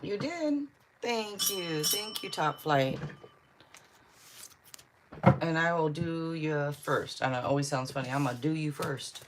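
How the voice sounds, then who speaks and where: A woman's voice: deep voice, expressive, unhurried, long pauses, very noisy. A woman from Seattle, a tarot reader on a live stream, chatting casually and answering viewers' comments one by one. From Seattle, Washington. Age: adult.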